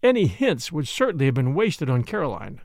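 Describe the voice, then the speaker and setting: A man narrating a mystery novel aloud in a measured, grave delivery. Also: on the high side, wildly swooping pitch, darkish tone, dry recording, studio quality.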